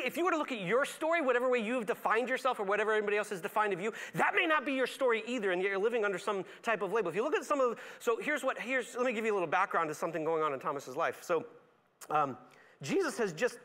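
A male pastor delivering a sermon in a high, bright voice. He swings between lively acted-out voices and hushed, reflective moments. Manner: animated, acts out voices of characters with big pitch swings; drops to a soft, low reflective tone at times.

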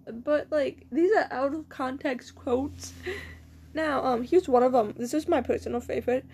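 A teenage girl talks straight to her audience in a high voice, rambling from one tangent to the next. She swears freely and giggles through her stories, speaking with a mouth still numb from dental work. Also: moderate pace, darkish tone, slight background noise. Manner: rambling, profane, giggly storytelling. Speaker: vlogger. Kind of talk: casual chat.

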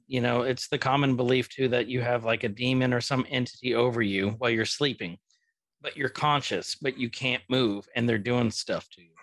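A man hosting a casual chat, loose and halting, swearing casually. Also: medium pitch, a bit bright, no echo.

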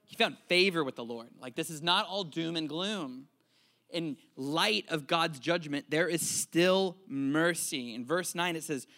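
Casual joking preacher man, slightly high voice. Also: normal speed, pushed and bright. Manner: casual, joking, asks the congregation questions. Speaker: pastor. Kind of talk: conversational sermon. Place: church service.

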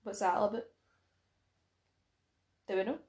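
Gravelly-voiced Scottish woman chatting. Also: medium pitch, darkish tone. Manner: chatty, teasing, quick laughs. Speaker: podcast co-host. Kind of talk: casual chat. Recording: echoey room.

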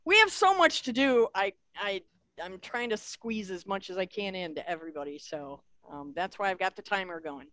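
A woman's voice: mid-range voice, lively intonation, moderate pace, bright, forceful tone, no echo. Bubbly woman hosting a virtual book event. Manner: bubbly, laughing, encouraging. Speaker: book festival host. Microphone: video call mic.

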